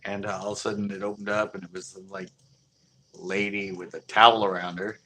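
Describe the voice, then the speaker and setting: A man's voice: lowish voice, flat delivery, fairly quick, bright, forceful tone, slight background noise. A man hosting a live stream, telling a story in a rambling, loose way with frequent laughter. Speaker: fishing channel host.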